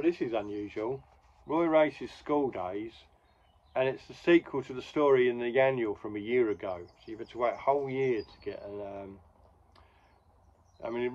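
A man's voice: medium pitch, darkish tone, muffled recording. A man hosting a podcast, casually recapping an old comic in a rambling, chatty way with wry asides. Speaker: podcast host.

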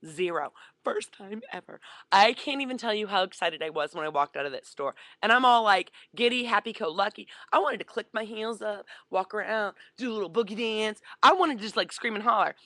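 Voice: mid-range voice, animated, brisk, sharp tone, dry recording. A vlogger telling a story casually into a webcam, acting out the voices of the people in it.

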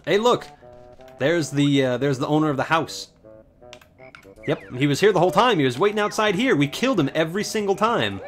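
A man's voice: fairly high pitch, animated, fairly quick, soft background music. A man doing casual let's play commentary, joking and irreverent and cursing freely as he plays. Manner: joking, irreverent, swears often. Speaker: gaming commentator.

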